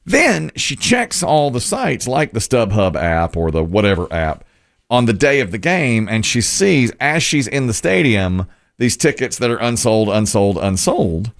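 Man, radio host, gravelly, low voice, very lively pitch, storytelling banter. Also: measured pace. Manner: animated storyteller, squeaky voices for quoted people. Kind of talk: casual morning radio banter.

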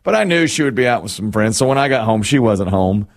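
Rambling middle-aged man telling stories. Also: quick pace. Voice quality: animated, lively pitch swings. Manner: rambling, self-deprecating storyteller with lots of chuckles. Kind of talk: casual morning-show chat.

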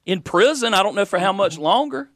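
A man's voice: sits high, lively intonation, a little fast, a bit bright, no room sound, clean studio sound. A man with a Southern American accent co-hosting a casual political talk show, opinionated and teasing. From South Carolina.

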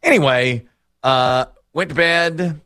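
A middle-aged man hosting a casual chat, telling stories in an animated, self-mocking way. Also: a little high, takes it slowly, dry recording, studio quality. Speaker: host.

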